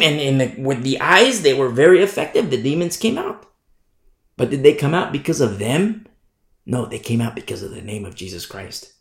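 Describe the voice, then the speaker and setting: A man's voice: mid-range voice, very animated, moderate pace, gravelly. A man preaching a sermon in an emphatic way, often asking "you see?". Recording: echoey room.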